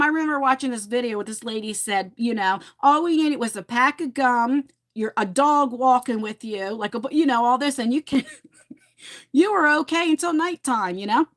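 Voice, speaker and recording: A woman's voice: sits high, fairly bright tone. A middle-aged woman hosting a casual livestream, telling chatty stories and talking to viewers in her chat. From New Jersey. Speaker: livestream host.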